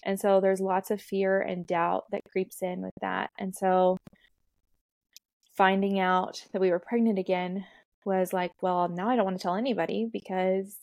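A woman's voice: medium pitch, flat delivery, moderate pace, gravelly, a little mellow, dry recording, clean studio sound. A woman in her thirties, a doula guest on a podcast, telling her birth story in a chatty way with frequent laughs and fillers. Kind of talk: casual storytelling interview.

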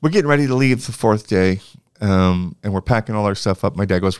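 A man's voice: on the low side, animated, a little fast, a little mellow, smooth, no echo, clean studio sound. A middle-aged man from California speaking in an interview, telling reflective stories with frequent restarts and fillers. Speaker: university leader being interviewed. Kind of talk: reflective storytelling.

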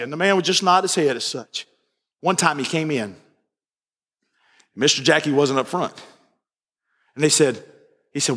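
A man delivers a sermon in a high, ringing voice that carries a sharp brightness. He tells stories and repeats phrases as he builds toward impassioned preaching. The sound rings out through a large, reverberant church hall. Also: fairly quick. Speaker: pastor. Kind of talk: evening sermon storytelling.

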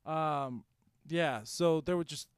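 A man's voice: on the high side, slow pace, smooth, dry recording. A young man co-hosting a comedy podcast, rambling through a history story with lots of fillers and restarts. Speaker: podcast co-host telling the history. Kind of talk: casual comedic chat. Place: Houston.

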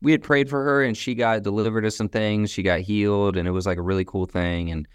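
A young man with a very deep, low voice tells stories in a relaxed, chatty way. He sprinkles in casual slang and laughs easily between points. The sound is dry and close, with no room around it. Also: fast, smooth, no echo. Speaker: guest, company founder. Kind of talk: casual storytelling interview.

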